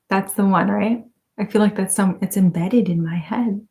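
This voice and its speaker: A woman hosting an ASMR live stream in casual chat with her viewers. She is soft-spoken, often drifts into whispers and laughs a lot. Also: medium pitch, moderate pace, vocal fry. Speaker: ASMR channel host.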